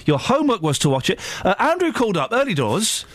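Teasing radio host with a lively voice. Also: male voice, sits high, fast, dry recording. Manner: teasing, lively, mock-serious. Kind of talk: playful studio banter. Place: radio studio.

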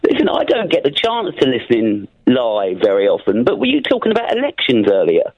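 A man's voice: medium pitch, huge pitch swings, brisk, slightly rough, no room sound. A male caller on a radio phone-in who speaks in stiff, formal, wordy phrases. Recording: dull phone-line sound.

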